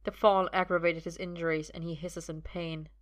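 A woman narrating a story aloud in a steady, expressive way. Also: lowish voice, moderate pace. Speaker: reader. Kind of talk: audiobook narration.

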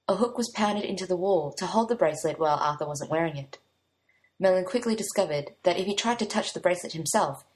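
A woman reads a fantasy tale aloud in an even, unhurried storytelling voice. Her pitch sits a little low for a woman. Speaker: narrator. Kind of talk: audiobook-style story reading.

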